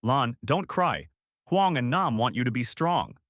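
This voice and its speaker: A man's voice: medium pitch, sing-song, unhurried, a bit bright, no room sound, clean studio sound. A man voicing an older village man who speaks in a shaky, soothing way. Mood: gentle.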